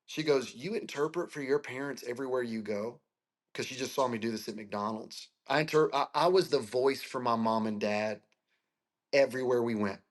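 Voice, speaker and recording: A man's voice: mid-range voice, normal speed. A man in his forties from Florida, a pastor telling his life story as an interview guest, earnest and emotional, speaking over a video call. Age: 40s.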